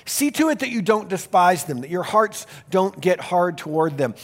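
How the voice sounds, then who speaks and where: A male pastor delivering a sermon in an earnest, emphatic style, speeding up and slowing down for emphasis. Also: high-pitched, lively intonation. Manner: earnest, emphatic preaching with varied pace.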